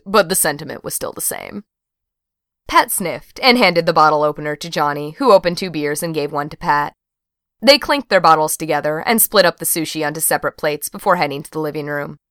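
A woman narrating an audiobook in a wry, expressive manner. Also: sits low, fairly quick, dry recording, studio quality. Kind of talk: scripted narration.

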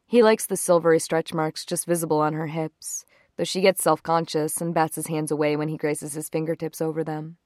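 A woman reading a romance story aloud in an intimate, unhurried way, close to the microphone. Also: deep voice, darkish tone, dry recording. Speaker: narrator.

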